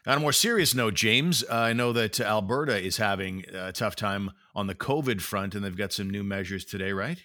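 Man, casual co-host, low pitch, dry recording. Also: normal speed, hardly any pauses, sharp tone, no room sound. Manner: brief reactions, steers the show. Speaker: podcast co-host. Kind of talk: casual chat.

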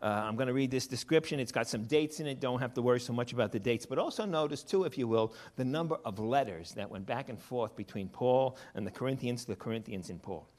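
A man's voice: mid-range voice, quick pace, few pauses, a little mellow. A male pastor giving a sermon, opening in prayer and telling stories in a conversational way. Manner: conversational storytelling preacher.

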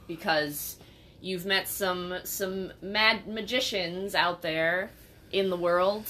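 A woman's voice: fairly low pitch, pushed and bright, a little hiss or hum. A woman co-hosting a podcast, playful and teasing, joking along with her friend's story. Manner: playful, teasing, quick to joke. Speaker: podcast co-host. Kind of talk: casual podcast chat.

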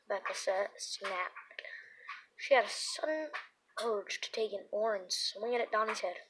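A woman reading a children's horror book aloud, with dramatic, expressive storytelling and the occasional restart. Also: mid-range voice, normal speed, slight background noise, poor audio. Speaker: narrator.

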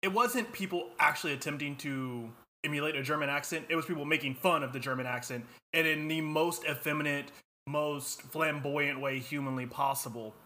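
Bright, blunt man griping casually. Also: fairly high pitch, a little fast. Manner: blunt and profane, critical. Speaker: podcast co-host. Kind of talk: casual chat.

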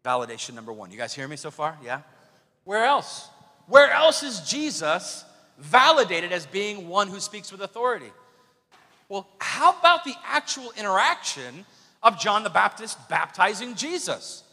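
A man preaching a sermon as pastor, lively and questioning the congregation. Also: high voice, moderate pace. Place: church sanctuary. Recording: long church hall reverb.

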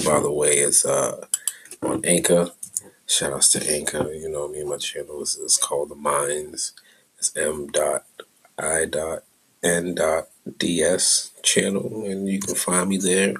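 A man's voice: a bass voice, husky, low-quality recording. A middle-aged man talking in a loose, profane, rambling monologue as a podcast host, drifting from mumbles into heated rants.

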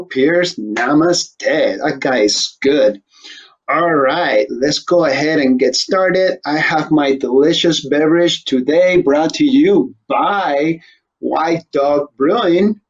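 A man's voice: a little high, slow. A man hosting a casual interview show, talking in a rambling, joking way. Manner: joking, rambling, laughs often. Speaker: host. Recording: slightly dull audio.

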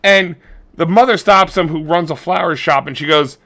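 A man co-hosting a podcast, retelling a movie in crude, rambling, animated casual chat. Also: on the high side, normal speed. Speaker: podcast co-host.

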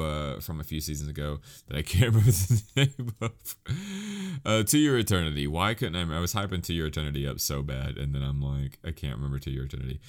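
A man's voice: sits low, clear, resonant tone. A man hosting a podcast, giving a casual solo review in a rambling, self-mocking, enthusiastic way. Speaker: podcast host reviewing anime.

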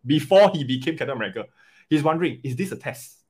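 A man coaching an investing webinar live, animated and often checking in with "right?" and "okay?". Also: fairly high pitch, quick pace, husky.

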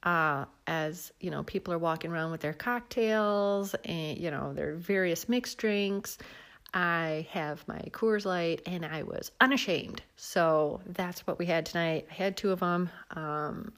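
A woman from the American Midwest chats on her own show with a Midwestern accent. Her voice sits a little low, and she talks loosely with plenty of fillers and quick laughs. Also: a bit bright. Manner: chatty, laughs often, many fillers. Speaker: podcast host. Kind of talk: casual solo chat.

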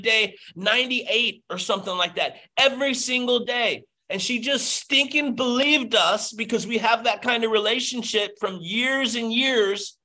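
A man giving a passionate motivational pep talk as a business coach, nearly yelling, over a video call. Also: extremely high pitch.

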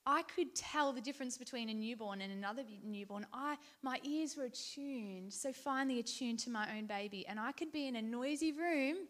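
A woman with a voice a little above the usual in pitch, giving a devotional talk as a personal testimony. She tells it conversationally, with fillers and false starts, and keeps it earnest and heartfelt throughout. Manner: conversational, storytelling with fillers and restarts. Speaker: Christian speaker.

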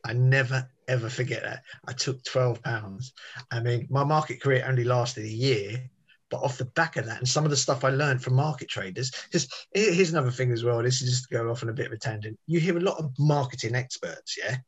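A man's voice: mid-range voice, fairly quick, breathy edge. A man, telling a rambling story in casual podcast chat. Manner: chatty, rambling with restarts and tangents. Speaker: podcast guest.

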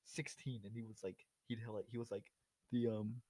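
A man's voice: fairly low pitch, level tone, fairly quick, dark tone, no room sound. Mumbling young man full of fillers. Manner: mumbling, trailing fillers, goofy, laughs often. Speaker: podcast co-host. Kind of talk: casual podcast banter.

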